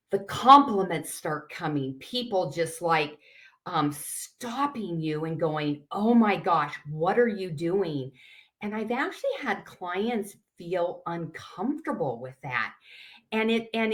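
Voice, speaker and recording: Middle-aged lady style coach, talks slow and lowish, earnest and encouraging. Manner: earnest, encouraging, uses quoted asides. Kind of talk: teaching a webinar class.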